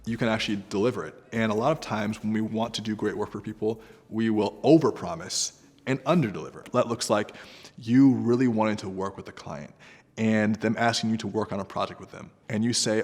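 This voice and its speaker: A man giving freelancing advice straight to the camera, talking in a direct, conversational way that turns animated. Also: lowish voice, fairly quick, slightly rough, in a large hall. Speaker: entrepreneur guest giving advice.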